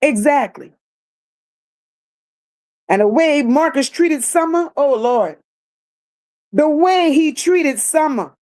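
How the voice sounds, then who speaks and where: A woman's voice: sits high, animated, slow, pauses often, darkish tone. A woman hosting a livestream, reading viewer comments aloud and answering them bluntly, with sassy repeated phrases. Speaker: livestream host.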